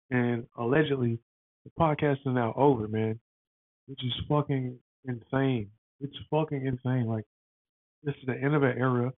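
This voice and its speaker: Man, casual podcast host, rambling, slangy, excitable, tinny phone-like sound, dry. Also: mid-range voice, no room sound.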